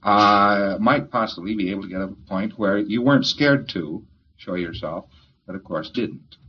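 A man's voice: on the low side, moderate pace, husky. A man giving an informal lecture in a folksy, joking, rambling way, on a dull old tape recording.

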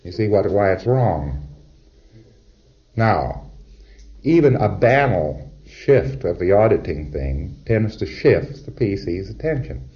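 A man's voice: fairly low pitch, sing-song, takes it slowly, muffled recording. A man giving a conversational, wry lecture to trainees, acting out short exchanges as he goes.

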